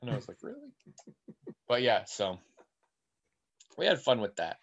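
Male podcast co-host, casual rambling storyteller with a lively, swinging pitch. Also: unhurried, gravelly, dull audio.

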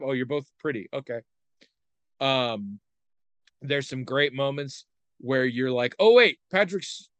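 A man's voice: medium pitch, fairly bright tone, no room sound. Man, podcast host, casual and wry, lots of filler, dead-dry close mic. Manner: rambling, wry, many fillers. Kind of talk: casual chat.

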